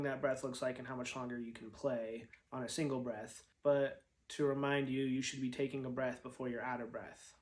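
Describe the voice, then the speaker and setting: A man's voice: mid-range voice, flat delivery, normal speed, few pauses. Patient man teaching flute. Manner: patient, step-by-step explaining. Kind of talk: instructional demonstration.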